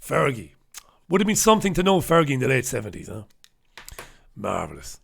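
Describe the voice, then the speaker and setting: A man's voice: mid-range voice, huge pitch swings, a little fast, creaky, long pauses, fairly bright tone, slightly rough. A middle-aged man, hosting a casual, humorous newspaper review, full of irreverent swearing and chuckling asides.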